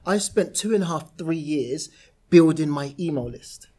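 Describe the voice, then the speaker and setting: A British man speaking as a podcast guest, his voice sitting a little higher than most men's. He talks in an animated, storytelling way, slipping into quoted voices as he goes. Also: unhurried. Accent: British English. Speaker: property entrepreneur guest. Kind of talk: podcast interview.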